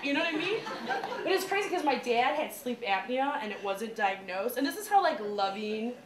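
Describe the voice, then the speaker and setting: A woman doing stand-up storytelling in a small comedy club, chatty and animated, full of "like" fillers. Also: a little high, normal speed. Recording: echoey club room with crowd noise.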